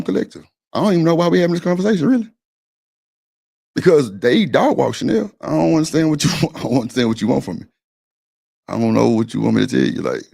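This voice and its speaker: A man's voice: fairly high pitch, creaky, a little mellow. A man hosting a live-stream panel, arguing his point in a blunt, profane, insistent way. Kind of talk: heated casual argument.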